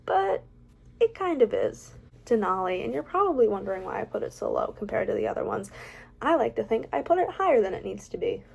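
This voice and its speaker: A woman's voice: medium pitch, big pitch swings, brisk, vocal fry, breathy edge, dull audio. A young woman vlogging casually, reading out facts and adding chatty, opinionated, self-mocking asides. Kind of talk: casual ranking vlog, reading facts aloud.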